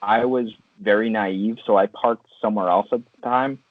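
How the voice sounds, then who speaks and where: A man's voice: fairly low pitch, steady tone, moderate pace, dry recording. A man calling in as a podcast guest, telling a story in a laid-back way with some laughs. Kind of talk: casual chat. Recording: tinny phone-like remote line.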